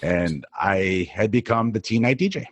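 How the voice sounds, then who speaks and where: A man's voice: lowish voice, expressive, normal speed, fairly bright tone, no echo. A middle-aged man from New Jersey, co-hosting a podcast and telling a rambling story full of fillers and restarts. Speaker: podcast co-host, DJ. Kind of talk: casual storytelling.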